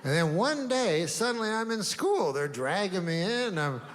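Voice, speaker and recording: A man doing a stand-up routine on a comedy stage, deadpan and rambling, with long setups. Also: sits high, normal speed. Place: comedy stage before a live audience. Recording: long hall reverb, faint noise.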